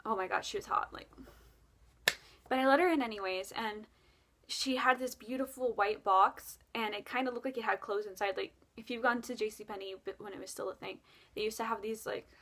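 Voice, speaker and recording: A woman's voice: medium pitch, fairly quick, fairly bright tone. A young adult woman telling a spooky dream story in a rambling, casual way, with lots of fillers and self-corrections.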